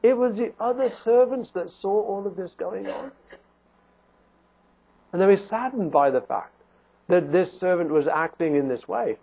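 Husky-voiced preacher on a tinny line. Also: male voice, high-pitched, measured pace, pauses often, dark tone. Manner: earnest, pleading rhetorical questions, restarts. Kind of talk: sermon. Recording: phone-like narrow band.

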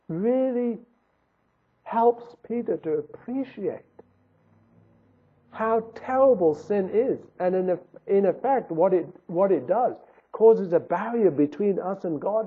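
A man's voice: high voice, breathy edge. A man preaching a sermon in an earnest, emphatic way, repeating his key phrases for weight. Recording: tinny phone-like recording.

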